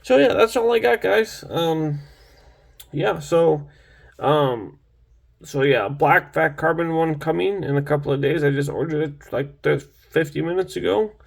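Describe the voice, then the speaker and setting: A man's voice: on the high side, unhurried, vocal fry. A young man casually reviewing a knife in a rambling, enthusiastic vlog, full of restarts and fillers.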